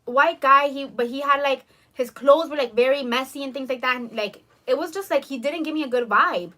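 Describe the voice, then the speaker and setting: Young female vlogger, chatty and animated, brisk bright tone, lots of fillers. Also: sits high. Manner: animated, many "like" fillers, acts out quotes. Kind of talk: casual storytelling over lunch.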